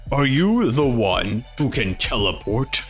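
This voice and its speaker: A man's voice: medium pitch, sing-song, takes it slowly, pitched below the performer's own voice. A cocky male monster taunts in a smug drawl, as a man reads him. The voice is close to an ordinary man's. Faint music plays behind.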